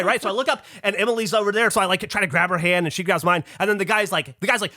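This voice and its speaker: Man, podcast host, casual storytelling, animated, swears a lot, slightly high voice, dry close sound. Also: rapid-fire, no echo. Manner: animated storyteller who swears casually and acts out other people's lines.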